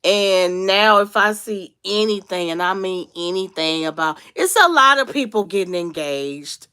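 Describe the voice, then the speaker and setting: A woman's voice: medium pitch, a little slow, smooth. A young woman, sick and under the weather, chatting casually to her viewers and confiding, her voice rising and sinking with her feelings. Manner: chatty, confiding, lively rises and sinks with feeling. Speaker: vlogger. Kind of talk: casual storytime chat.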